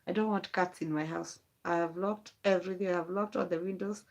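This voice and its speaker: A woman's voice: on the low side, steady tone, fairly quick. A rambling woman. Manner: rambling, emotional, wandering thoughts. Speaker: vlogger. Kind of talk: late-night live stream monologue.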